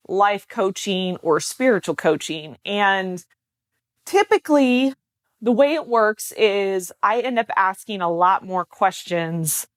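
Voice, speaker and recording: A woman's voice: mid-range voice, no room sound. A woman life and mindset coach explaining her work in a casual, chatty way, full of filler words. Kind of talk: casual explanatory talk to camera.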